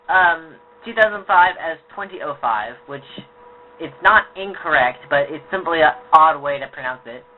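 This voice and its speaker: A man's voice: on the high side, animated, normal speed. A man hosting a podcast in casual chat, rambling with many restarts. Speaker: podcast host. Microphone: audio podcast. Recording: tinny lo-fi phone-like sound.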